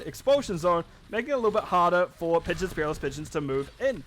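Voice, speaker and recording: Man, esports caster, live play-by-play, chatty, self-correcting, fairly high voice, faint hiss behind. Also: big pitch swings, fairly bright tone. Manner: quick, chatty, often correcting himself mid-line. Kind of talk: live play-by-play game commentary.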